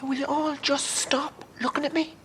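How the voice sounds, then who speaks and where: A man's voice: extremely high pitch, little pitch movement, normal speed, fairly bright tone, slight background noise. An actor playing a mild-mannered, middle-aged sitcom father who gets flustered, hesitant and defensive. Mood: exasperated. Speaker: sitcom character, family father. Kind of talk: sitcom acting.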